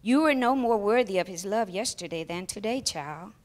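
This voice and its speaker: A woman voicing a nanny who speaks firmly but gently and patiently while reading a children's story aloud. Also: medium pitch, lively intonation, normal speed, natural voice. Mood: firm, gentle. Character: gentle but firm older female nanny.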